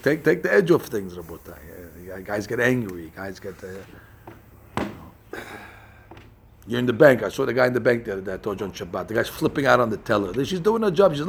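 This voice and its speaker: A man's voice: mid-range voice, brisk, vocal fry, husky. A man teaching a Torah class, telling stories and acting out little scenes many restarts. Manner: animated storyteller acting out scenes; frequent restarts and fillers.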